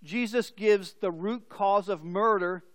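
A man's voice: sits high, slow pace, dry recording. A male pastor preaching a sermon, explaining scripture and telling stories with acted-out voices.

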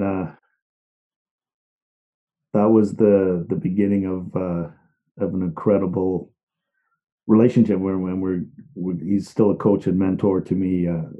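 Middle-aged man, reflective storyteller, low-leaning voice, halting and emotionally open, tinny phone-like audio. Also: husky. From England, Liverpool. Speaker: speaker sharing a personal story. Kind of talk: personal storytelling talk. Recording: narrow phone-like sound.

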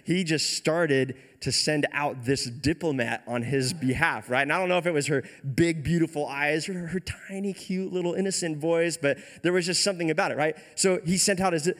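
Fairly high-pitched and a bit bright, a pastor talks at normal speed with hardly any pauses. His sermon is a casual retelling, conversational in tone, and he keeps asking "right?"

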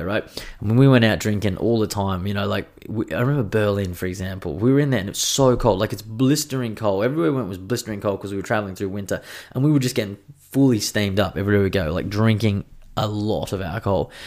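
Profane, rambling man, low voice. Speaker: podcast host. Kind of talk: casual podcast monologue.

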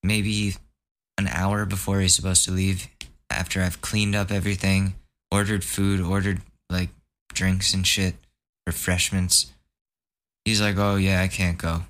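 A young man hosts a podcast, ranting casually and with exasperation through a long, profane story while mocking others in put-on voices. His voice is low and a bit bright, with a level tone, a measured pace and long pauses.

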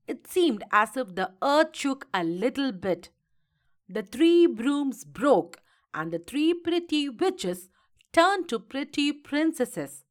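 A woman reading a fairy tale aloud in a slow, expressive storytelling manner. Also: fairly high pitch.

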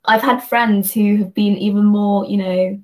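Woman, earnest, reflective, thinks aloud, restarts often, level narrow pitch. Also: fairly even intonation, measured pace, darkish tone. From London, England. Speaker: guest, company associate. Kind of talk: reflective conversational discussion.

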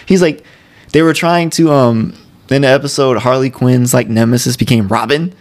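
A man co-hosting a casual podcast, retelling cartoon scenes in a rambling, animated way and jumping into quoted voices. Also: medium pitch, moderate pace. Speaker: podcast co-host. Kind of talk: casual chat.

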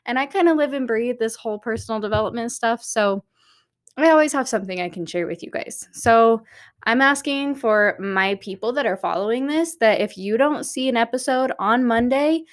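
A woman's voice: on the high side, moderate pace. A woman hosting a podcast, talking candidly and upbeat, encouraging her listeners from her office at night. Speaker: podcast host. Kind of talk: motivational solo podcast talk.

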